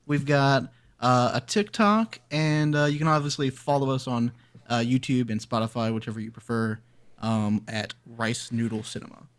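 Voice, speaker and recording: A man's voice: mid-range voice, normal speed. A man co-hosting a casual podcast, playful and teasing, swearing freely. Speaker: podcast co-host. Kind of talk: casual chat.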